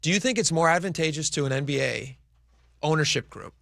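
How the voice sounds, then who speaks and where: Man, radio co-host, casual chat, gravelly edge, fairly high voice, dry studio sound. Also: brisk, fairly bright tone, dry recording. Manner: conversational, asks co-host questions.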